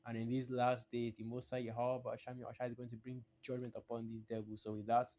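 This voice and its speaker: A man's voice: medium pitch, completely flat delivery, fast talker, warm tone. A man preaching in a solo video teaching, speaking emphatically, repeating phrases and raising his voice to read passages aloud.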